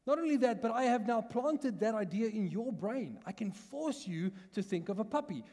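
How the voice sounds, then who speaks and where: Pastor, male, South African accent, mellow voice, chatty teaching tone, church hall with long reverb. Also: high-pitched, animated, moderate pace. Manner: conversational teaching, asks the congregation questions, laughs often. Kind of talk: sermon.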